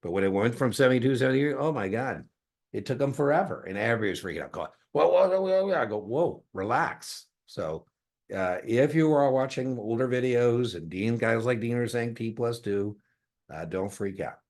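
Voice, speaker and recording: A middle-aged man, teaching an exam prep class in a jokey, animated way and acting out little dialogues with students. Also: medium pitch, brisk. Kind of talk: lecture class replay.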